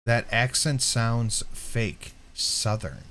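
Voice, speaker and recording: Slow, sarcastic man reacting. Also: medium pitch, expressive, fairly bright tone. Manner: sarcastic, mocking. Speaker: commentary host. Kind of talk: reaction commentary.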